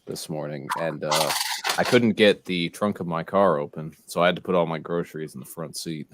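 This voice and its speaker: A man in casual livestream chat, speaking in a measured, matter-of-fact way. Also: very deep voice, background noise.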